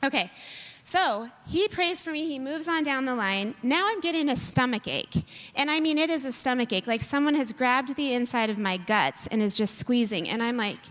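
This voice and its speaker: A woman telling a personal testimony in an animated, self-deprecating storytelling manner. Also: sits high, moderate pace. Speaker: speaker sharing a personal testimony. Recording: long hall reverb.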